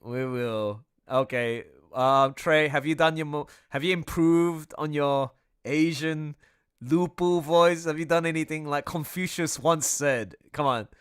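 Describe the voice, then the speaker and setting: A man streaming live and chatting casually, excitable, laughing often and trailing off mid-sentence. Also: on the high side, a little slow, clear, resonant tone. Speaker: streamer and artist. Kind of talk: casual livestream chat.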